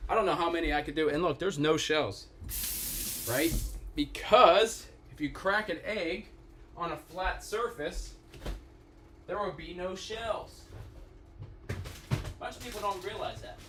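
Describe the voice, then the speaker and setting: A man's voice: sits high, measured pace, pauses often, a bit bright, faint music behind. A man from the Pittsburgh area hosting a casual live cooking stream from his home kitchen, chatting straight to viewers and swearing casually. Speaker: cooking livestream host.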